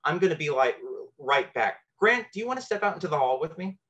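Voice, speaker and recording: A man playing a calm, caring teacher. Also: mid-range voice, unhurried, muffled recording, lightly acted. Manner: cool, casual, gentle.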